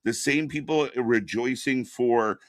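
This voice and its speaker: Over a loud crowd, a male wrestling commentary host speaks slowly in a mid-range voice. It's a casual podcast chat where he rants bluntly and swears freely.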